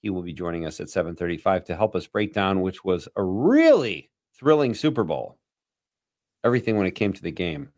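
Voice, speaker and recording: Lively joking male radio host. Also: deep voice, fairly quick, no room sound, clean studio sound. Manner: playful, joking, laughs easily. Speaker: radio talk show host. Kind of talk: casual radio talk show chat.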